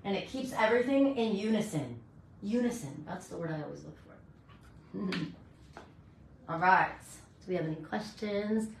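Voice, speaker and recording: A middle-aged woman hairstylist chatting brightly while she demonstrates hair toning in a salon, teaching as she works. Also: medium pitch, expressive, moderate pace, creaky, long pauses, a little hiss or hum. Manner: bubbly, chatty, talks while working. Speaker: hairstylist educator. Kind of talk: live hair coloring tutorial. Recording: echoey room.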